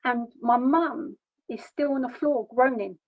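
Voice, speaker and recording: A woman telling her own hard story in plain, halting words, often repeating herself. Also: a little high. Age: adult. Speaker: charity founder sharing her story. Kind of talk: personal testimony. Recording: dull lo-fi recording.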